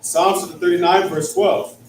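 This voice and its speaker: Guy reading the bible out loud, steady and reverent, echoey room with light hiss. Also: high voice, moderate pace, distant mic. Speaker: scripture reader. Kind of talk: reading scripture aloud.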